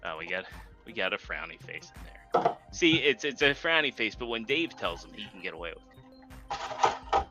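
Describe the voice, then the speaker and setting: A man's voice: lowish voice, sing-song, loud music behind the voice. A man co-hosting a live podcast, chatting casually and telling a long joke with plenty of fillers. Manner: rambling, halting joke-telling with many fillers. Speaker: podcast co-host. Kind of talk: casual live-stream chat.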